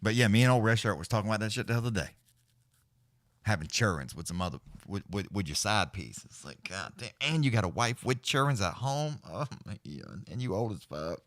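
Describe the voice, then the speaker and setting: Low-voiced man calling fights on a livestream. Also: big pitch swings, a bit bright, no room sound, studio quality. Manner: rambling, profane, laid-back, with many restarts; fast play-by-play calling during fights. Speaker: livestream host giving fight commentary. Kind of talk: casual live-stream commentary.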